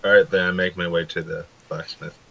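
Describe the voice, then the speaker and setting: A man's voice: low voice, flat delivery, brisk, fairly bright tone, low-quality recording. A man playing a tabletop game, joking and laughing between turns. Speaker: player.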